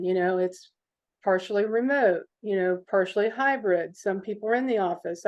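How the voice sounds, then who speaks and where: Brief: middle-aged woman interviewee, lively storyteller, mid pitch, muffled lo-fi audio. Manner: animated storyteller, chatty with fillers. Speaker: business owner guest. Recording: dull lo-fi recording.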